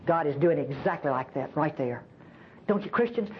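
A woman preacher giving a sermon at a church service, emphatic and animated, often asking the congregation rhetorical questions. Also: low voice, a little fast, highs cut off, a little hiss or hum.

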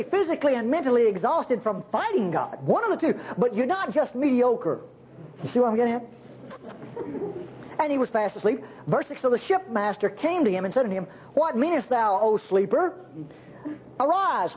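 A male preacher teaching through a Bible passage in a folksy, chuckling manner. His pitch swings widely as he talks, and the recording is dull and lo-fi with faint noise behind him. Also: a little mellow. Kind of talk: sermon.

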